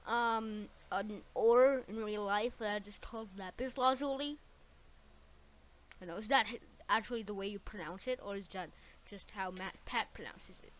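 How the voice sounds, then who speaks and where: Bright-voiced woman reacting casually. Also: fairly high pitch. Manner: chatty and questioning, quick interjections. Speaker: reaction video host.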